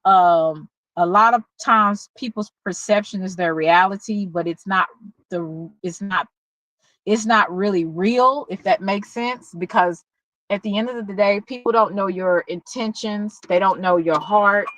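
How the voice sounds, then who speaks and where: A woman's voice: mid-range voice, fairly bright tone, no room sound, rough recording. Candid Southern woman vlogging, dry sound. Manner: slow, candid, halting, with many pauses and fillers. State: close to tears at times. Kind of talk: emotional personal vlog talk.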